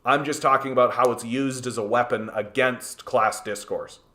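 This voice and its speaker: Man, livestream host, heated rant, swearing, stammering restarts, mid-pitched voice. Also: steady tone, normal speed, sharp tone. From Canada. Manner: swears freely. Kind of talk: livestream commentary reading chat.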